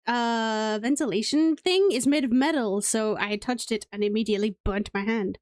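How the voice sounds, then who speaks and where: A woman's voice: a little high, normal speed, hardly any pauses, no echo, clean studio sound. A woman from Wales with a British accent, chatting playfully and rambling through live gameplay commentary as a streamer. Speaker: game streamer.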